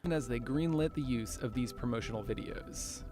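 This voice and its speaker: A man's voice: medium pitch, moderate pace, darkish tone. Formal male documentary narrator over music. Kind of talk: scripted narration.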